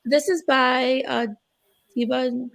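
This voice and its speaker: Brief: woman livestream co-host, somewhat high voice with gravelly fry, chatty replies to viewers. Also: fairly even intonation, slow pace. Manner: greets viewers by name and reacts to their comments. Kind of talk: casual livestream chat.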